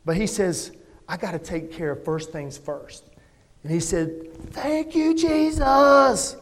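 A man's voice: on the high side, fairly even intonation, measured pace, a little mellow. A man, preaching a sermon as pastor, earnest and emphatic, putting questions to the congregation. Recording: long hall reverb.

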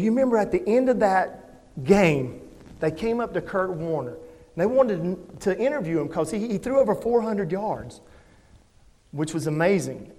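Pastor, male, higher voice, emphatic sermon delivery, church with long reverb. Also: a little mellow. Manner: earnest, emphatic, asks the congregation questions.

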